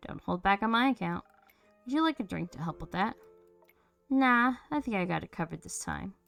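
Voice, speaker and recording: A woman's voice: fairly low pitch, vocal fry. Streamer woman reading game dialogue in voices. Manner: switches between character voices, lively and playful. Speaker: streamer voicing a game's characters.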